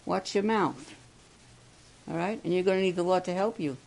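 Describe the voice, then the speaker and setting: A woman's voice: lowish voice, moderate pace, creaky, a little mellow. An older woman giving a sermon at a camp, coaxing her listeners with many questions. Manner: coaxing, asks the crowd questions. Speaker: camp speaker.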